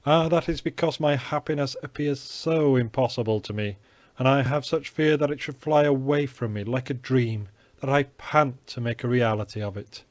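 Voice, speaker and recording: A man's voice: on the low side, normal speed, a little mellow, dry recording, natural voice. A man doing an ardent young swordsman. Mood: impassioned. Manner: gallant, earnest, theatrical. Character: young male swordsman, ardent, flattering, sly.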